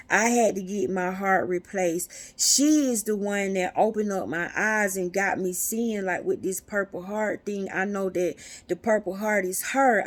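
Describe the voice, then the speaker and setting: A woman speaking casually and earnestly to her viewers about spiritual experiences. She repeats words for emphasis and talks straight to the camera. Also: medium pitch. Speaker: metaphysics vlogger.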